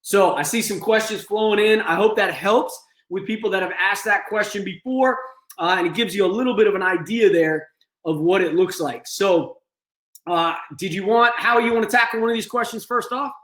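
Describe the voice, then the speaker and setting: A man's voice: high-pitched, moderate pace, a bit bright, roomy sound. A man hosting a training session, explaining crisis de-escalation steps to an online audience. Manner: explanatory, acts out examples. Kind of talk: instructional talk.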